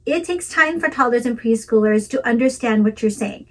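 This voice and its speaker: A woman giving a calm, measured talk with practical tips for parents, in a melodic teaching delivery. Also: on the high side, distant mic, low-quality recording. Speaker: parenting educator. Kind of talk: scripted instructional talk.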